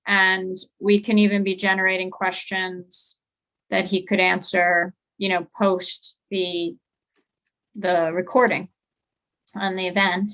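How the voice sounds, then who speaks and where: A woman's voice: mid-range voice, level tone, slow pace, a bit bright, rough recording. A woman facilitating a group discussion on a video call, conversational and thinking aloud with fillers as she talks.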